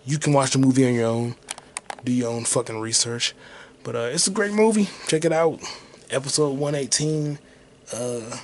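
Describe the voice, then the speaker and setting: A man's voice: mid-range voice, a little hiss or hum. A man hosting his own podcast alone, rambling profanely while he looks things up online and thinks aloud. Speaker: podcast host. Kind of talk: casual solo podcast rambling.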